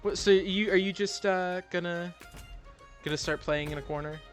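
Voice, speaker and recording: A man's voice: sits high, fairly even intonation, normal speed, faint music behind. A man narrating as game master for a tabletop game, rambling with many fillers and restarts.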